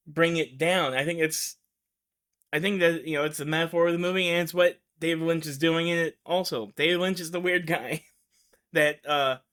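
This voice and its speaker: This is casual film commentary from a male show host whose voice sits fairly high and sounds a little bright. His delivery wanders, packed with fillers, false starts, and frequent laughter.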